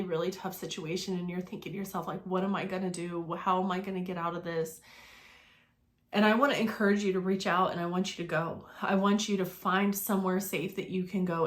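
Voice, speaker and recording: Earnest woman in her forties telling her story. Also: medium pitch. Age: 40s. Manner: earnest, reflective, with many fillers and restarts. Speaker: vlogger sharing her life story. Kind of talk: personal storytelling to camera.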